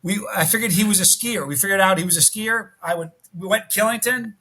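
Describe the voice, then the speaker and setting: Middle-aged guy on a podcast telling stories, acts out the voices, high raspy bright voice. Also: brisk. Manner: animated storyteller, acts out quotes. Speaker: guest, hot sauce reviewer. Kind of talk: casual podcast chat.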